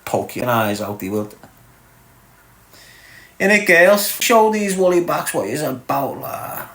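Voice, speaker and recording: Speaking slowly but very animated, a Liverpool livestream host with a Scouse accent has a slightly high, fairly bright voice. He teases viewers with crude banter while reading chat, and the room sounds echoey.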